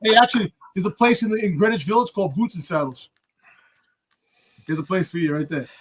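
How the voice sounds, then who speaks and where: A man co-hosting a podcast, joking around in quick playful banter. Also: high voice, expressive, breathy edge. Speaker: podcast co-host. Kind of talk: casual chat.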